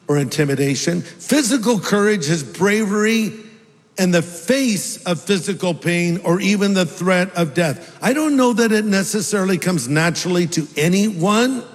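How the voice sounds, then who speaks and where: A man's voice: high voice, in a large hall. A man preaching a sermon as a pastor, conversational and humorous, acting out bits of dialogue.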